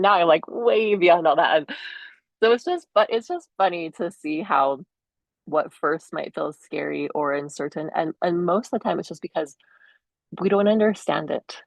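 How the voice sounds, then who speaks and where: A chatty middle-aged woman talks through her own podcast in a low voice, recorded dry and close over a video call. She laughs often and leaps up in pitch whenever she acts out someone else. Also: moderate pace, gravelly, no room sound. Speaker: podcast host. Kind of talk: casual solo podcast monologue.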